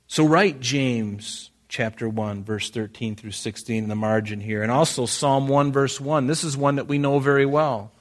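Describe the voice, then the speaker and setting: Man, preacher, conversational sermon, halting restarts, mid-pitched voice. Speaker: pastor.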